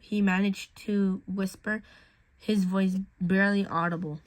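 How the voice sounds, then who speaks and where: A woman's voice: medium pitch, steady tone, unhurried, poor audio. Woman casually reading a story aloud. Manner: casual reading with restarts and slips. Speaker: fan fiction reader.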